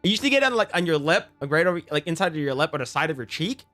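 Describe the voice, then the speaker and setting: A man's voice: on the high side, very animated, racing, a bit bright, faint music behind. A young man chatting casually on a livestream, rambling and swearing a lot as he greets viewers by name.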